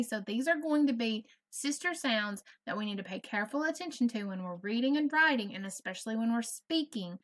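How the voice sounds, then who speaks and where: Slow, patient woman teaching phonics. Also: medium pitch, fairly bright tone. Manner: patient, encouraging, over-enunciates sounds. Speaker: first grade teacher. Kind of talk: slow, clear online phonics lesson. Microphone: computer mic on a video lesson.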